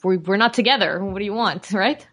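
Calm female co-host, thoughtful and measured, chatting on a podcast call. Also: medium pitch. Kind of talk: casual podcast chat over a call.

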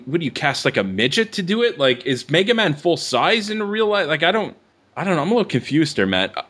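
A man hosts a casual movie podcast from a home mic. His voice jumps around in pitch as he talks, loose and profane, and he laughs easily. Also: a bit bright. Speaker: podcast host.

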